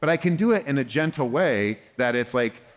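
A man's voice: mid-range voice, animated, fairly quick. Man giving a conference talk. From United States. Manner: conversational, acts out dialogues in short quoted lines; gentle, reassuring when voicing the counselor. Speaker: therapist speaking at a conference. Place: conference hall with an audience.

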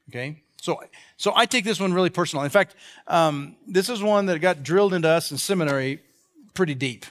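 Lively, high-voiced male pastor preaching. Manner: animated, acts out the quoted people in the stories; conversational, with repeated restarts. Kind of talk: sermon.

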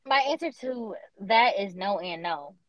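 A woman's voice: medium pitch, lively intonation, a little slow, no room sound. A young woman chatting on a podcast, emphatic and full of slang, stretching out her points with "like". The sound is dull and lo-fi, dry and close to the mic. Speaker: podcast co-host. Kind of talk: casual chat.

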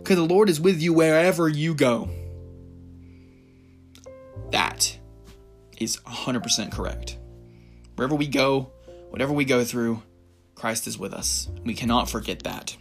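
A man's voice: medium pitch, expressive, measured pace, pauses often, soft background music. A man giving an informal devotional talk, reading Bible verses and rambling a little as he laughs at himself. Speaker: Christian encouragement speaker.

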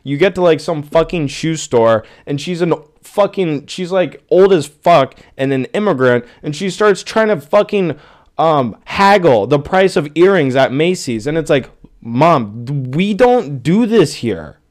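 A man's voice: fairly high pitch, lively intonation, normal speed. A young man hosting a casual solo podcast, ranting in an exasperated, profane way. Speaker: podcast host.

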